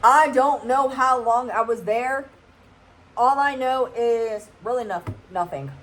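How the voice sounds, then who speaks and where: A woman's voice: a little high, takes it slowly, poor audio. A young woman tells a story in a casual vlog. She is chatty and keeps checking in with her viewers. There is faint noise in the background. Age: 20s. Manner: chatty, keeps asking "okay?". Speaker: vlogger.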